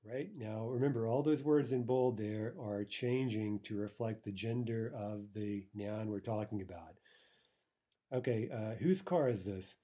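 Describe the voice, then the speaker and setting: A man's voice: fairly low pitch, unhurried, dark tone. A man teaching a recorded language lesson, patiently explaining and drilling phrases, checking in with "right?".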